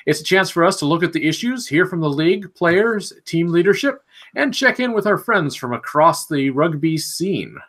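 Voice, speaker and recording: A man's voice: fairly high pitch, animated, normal speed, fairly bright tone. A man from the Midwest hosting a rugby podcast in a folksy, easygoing way. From Midwest United States. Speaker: podcast host.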